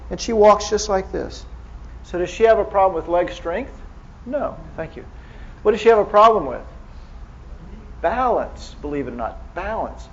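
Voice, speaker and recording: Man lecturing medical audience, somewhat high voice. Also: highs cut off. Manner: conversational, quizzes the audience, many restarts. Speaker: neurohospitalist lecturer.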